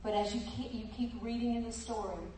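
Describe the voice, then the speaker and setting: A woman with a slightly high, dark-toned voice speaks fairly quickly in a steady tone, with a little hiss or hum in the audio. Exuberant and laughing, she reads a story aloud and addresses the congregation directly, sounding distant in an echoey room.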